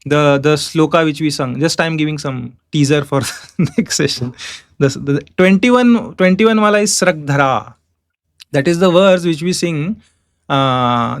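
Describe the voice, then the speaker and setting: A man teaching a class, explaining step by step and chanting verses slowly in meter. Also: on the high side, dry recording, clean studio sound. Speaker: Sanskrit teacher. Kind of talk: online class lecture.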